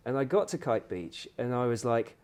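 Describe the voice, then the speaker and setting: A man from the United Kingdom, a guest on a casual podcast interview, telling his stories in a lively way and acting out the exchanges he quotes. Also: moderate pace, smooth. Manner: animated storyteller, acts out quoted exchanges with jumps in pitch.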